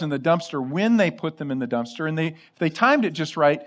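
Man preaching with a higher voice. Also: fairly quick, hardly any pauses. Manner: storytelling, animated, acting out quoted voices. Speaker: pastor. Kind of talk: sermon with personal stories.

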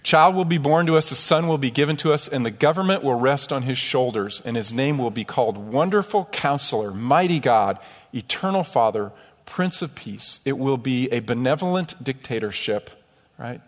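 A man's voice: mid-range voice, lively intonation, normal speed. A man preaching a sermon as pastor, telling stories emphatically and tossing in rhetorical "right?" asides. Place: church sanctuary. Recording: long hall reverb.

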